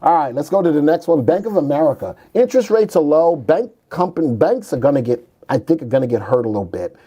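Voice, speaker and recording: A man's voice: on the high side, expressive, quick pace, warm tone, breathy edge. A man hosting a stock market show, talking casually through charts and cracking jokes with his co-host. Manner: wisecracking, slips into silly put-on voices.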